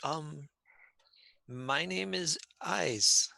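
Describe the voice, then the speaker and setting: A man playing a tabletop game, speaking politely and haltingly in character. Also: a little high, gravelly, bright, forceful tone, no echo. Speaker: player. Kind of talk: casual tabletop role-play.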